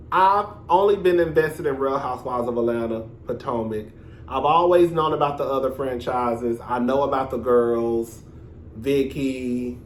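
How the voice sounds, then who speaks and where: A man hosting his own reality TV review vlog, talking in a sassy, animated, profane gossip style with drawn-out emphasis. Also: medium pitch, reverberant, a little hiss or hum. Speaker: reality TV reviewer, show host. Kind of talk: casual commentary vlog.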